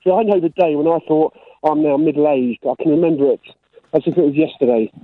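A man's voice: a little high, fast, no echo. A man in his forties calling a radio show, telling a rambling, self-mocking story over a phone line. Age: 40s. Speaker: radio caller. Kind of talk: casual phone-in chat.

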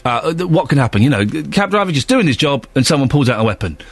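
Playful, husky-voiced radio host man. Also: mid-range voice, fast, no room sound. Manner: playful, animated, jokey. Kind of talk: radio phone-in hosting.

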